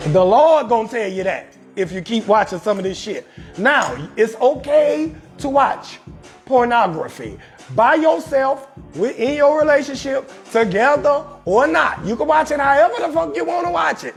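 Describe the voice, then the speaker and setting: Brash high-voiced male comedian. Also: animated, normal speed, vocal fry, faint music behind. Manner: loud, brash, riffing, shouting out viewers in chat. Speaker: comedian hosting a live talk show. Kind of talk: profane comedic advice monologue on a livestream.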